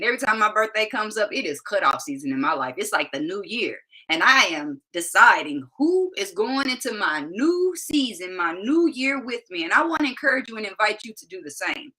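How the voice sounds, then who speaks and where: Bright-voiced emphatic motivational woman. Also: mid-range voice, rough recording. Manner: emphatic, preachy, slangy and repetitive. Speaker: motivational speaker. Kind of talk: motivational talk to camera.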